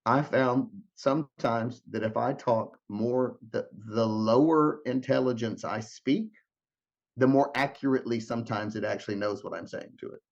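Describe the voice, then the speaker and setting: A man's voice: mid-range voice, normal speed, vocal fry, muffled recording. A man talking as a guest musician in an interview, rambling with many restarts and fillers. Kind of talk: casual interview talk.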